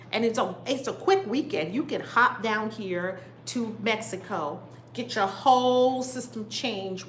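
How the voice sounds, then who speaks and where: A woman's voice: medium pitch, a little hiss or hum. Exuberant woman livestreaming, echoey room. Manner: exuberant, greets viewers with repeated catchphrases. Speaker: spiritual teacher hosting a livestream. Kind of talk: excited livestream chat greeting viewers.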